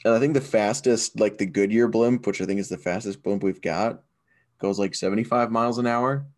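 A man co-hosting a podcast, chatting in a relaxed, rambling way with lots of fillers. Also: on the low side, brisk. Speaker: podcast co-host. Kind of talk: casual chat.

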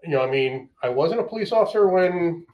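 Pria reflektif bersuara agak tinggi. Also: male voice, fairly high pitch, lively intonation, a little fast, muffled recording. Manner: reflective, hedges with filler phrases. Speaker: police officer, former volunteer firefighter. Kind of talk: casual chat.

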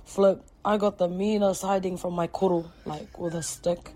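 A woman's voice: lowish voice, steady tone, normal speed, mellow. A woman with a New Zealand accent leaving a voice message, telling a childhood story and laughing as she goes.

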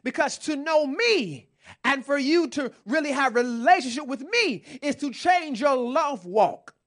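A man's voice: very high voice, lively intonation, a little slow, fairly bright tone. A man preaching a sermon with passion, calling out to the congregation.

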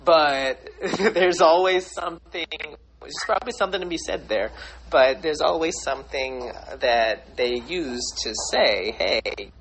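A man's voice: a little high, a little slow, fairly bright tone, slight background noise, rough recording. A man hosting a casual discussion, rambling in long clauses as he thinks aloud.

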